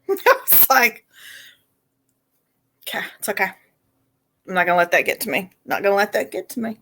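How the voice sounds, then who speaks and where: Bright Southern woman laughing through stories. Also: medium pitch, big pitch swings, normal speed, long pauses, breathy edge. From Arkansas. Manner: laughs through her own stories, shouts when acting out scenes. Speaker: podcast co-host. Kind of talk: casual storytelling chat.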